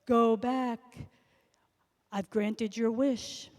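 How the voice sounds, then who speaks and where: A woman voicing a solemn, wish-granting magic fish that speaks slowly and gravely while reading a storybook aloud. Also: fairly even intonation. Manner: slow, deep, distant and grave. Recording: echoey hall.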